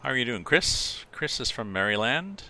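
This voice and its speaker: A man's voice: medium pitch, big pitch swings, moderate pace, sharp tone. A middle-aged man streaming a driving game, chatting casually with his viewers and rambling as he thinks aloud with lots of fillers. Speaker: livestreamer playing a driving game. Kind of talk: casual chat with live viewers. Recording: game vehicle noise underneath. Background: truck engine and road sounds from the game.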